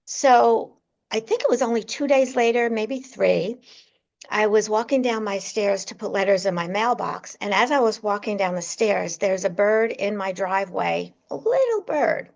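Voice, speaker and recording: A gravelly-voiced woman, a guest medium on a podcast, tells her stories with animation and leaps up in pitch at the big moments. Her voice has some fry, and the remote recording sounds dull and lo-fi. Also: normal speed. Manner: animated storyteller, voice jumps high when reliving moments. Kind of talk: storytelling in a podcast interview.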